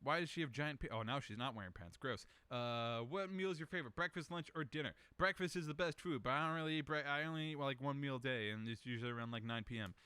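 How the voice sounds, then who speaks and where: A man's voice: mid-range voice, fast, few pauses, bright, forceful tone, smooth, no echo. A young man hosting a casual solo show, rambling through questions in a profane, self-mocking way. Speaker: podcast host answering questions.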